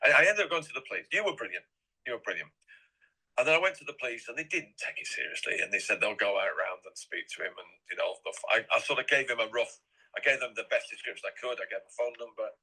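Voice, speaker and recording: Middle-aged English man, interview guest, bright and husky tone, rambling and repetitive. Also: mid-range voice, lively intonation, fast talker, low-quality recording.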